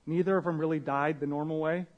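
A man's voice: fairly high pitch, fairly even intonation, quick pace, highs cut off. A young man preaching a sermon as a pastor, casual and conversational, with slang, restarts and Bible readings.

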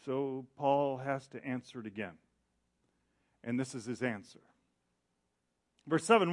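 A middle-aged male pastor preaching a sermon in an animated way, acting out quoted voices. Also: medium pitch, a little slow, long pauses.

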